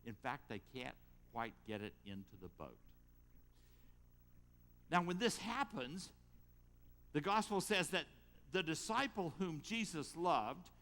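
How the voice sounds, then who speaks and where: Man, pastor, sermon, slow deliberate delivery, animated pitch, long church reverb. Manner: storytelling, lively rises and drops. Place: church sanctuary.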